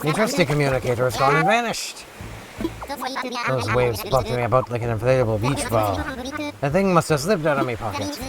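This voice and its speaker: A man voicing a blustery male pirate seagull castaway, talking in a gruff pirate manner full of growled "arr"s. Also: medium pitch, very animated, fairly quick, loud music behind the voice, natural voice.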